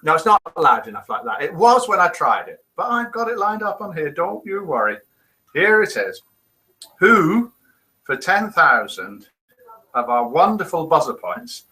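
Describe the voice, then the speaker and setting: Lively, animated British man hosting a quiz. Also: on the high side, unhurried, rough recording. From United Kingdom. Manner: lively, chuckling, playful quiz-master banter. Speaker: host of a daily live show. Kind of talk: casual live-stream chat, reading out comments.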